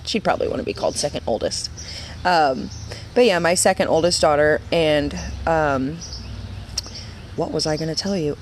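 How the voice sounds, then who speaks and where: Earnest low-voiced woman sharing testimony. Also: slight background noise. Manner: earnest, conversational, with many fillers and restarts. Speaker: women's ministry speaker. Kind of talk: personal faith testimony.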